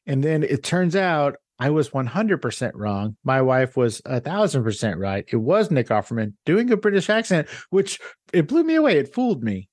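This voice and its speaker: A man's voice: a little high, big pitch swings, normal speed, a little mellow, dry recording, studio quality. A man hosting a podcast, chatting casually and enthusiastically recommending shows. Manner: enthusiastic, plugs shows to listeners. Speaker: podcast host.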